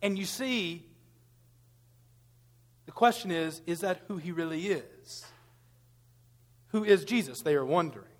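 High-voiced man preaching a sermon. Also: animated, a little slow, long pauses, long reverb tail. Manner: preaching with rising emphatic rhetorical questions. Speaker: pastor.

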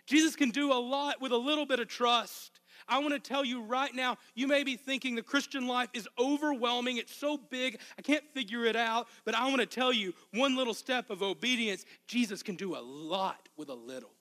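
A man with a Southern Arkansas accent delivers an impassioned sermon, driving his points home through repetition. His voice sits high with a bright, forceful edge. A long hall reverb trails behind him. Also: moderate pace. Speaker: pastor.

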